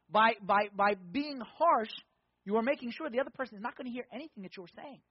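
Pastor, sermon, lively swooping delivery, emphatic, rhetorical questions, dull lo-fi sound. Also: medium pitch, husky, no echo. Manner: emphatic, repeating key words, rhetorical questions. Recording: slightly dull lo-fi recording.

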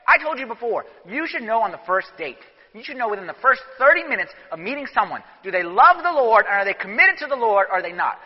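Emphatic high-voiced male priest preaching, on a dull, echoey church recording. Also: fast. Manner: animated and emphatic. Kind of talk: sermon.

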